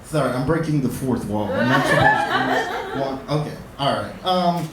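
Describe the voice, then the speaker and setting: A man doing a stand-up comedy set on a club stage, talking in a halting way with lots of fillers and restarts. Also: medium pitch, animated, very noisy. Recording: roomy club, distant mic, loud audience.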